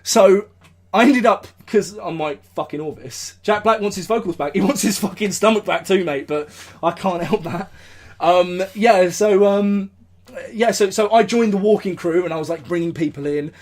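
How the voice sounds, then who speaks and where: A man with an English accent hosting a casual live podcast, rambling through stories with lots of swearing and sudden shouted speeches. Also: sits high, normal speed. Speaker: podcast host. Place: indoors, recording live.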